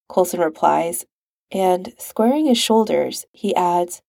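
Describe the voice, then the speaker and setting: A woman reading a story aloud as narrator, wry and expressive. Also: on the low side, slow pace, gravelly, no room sound, studio quality. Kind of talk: reading fan fiction aloud.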